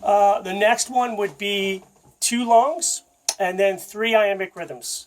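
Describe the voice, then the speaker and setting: Laid-back man teaching drums. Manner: relaxed, halting, many filler words. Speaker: drum teacher. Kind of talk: casual spoken drum lesson. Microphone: phone camera. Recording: low-fidelity phone audio.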